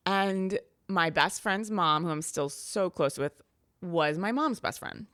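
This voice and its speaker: A woman's voice: medium pitch, no room sound, studio quality. A woman guest in an interview, telling a personal family story with feeling and acting out the voices of the people in it. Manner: animated, acts out quoted voices in storytelling. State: crying at times.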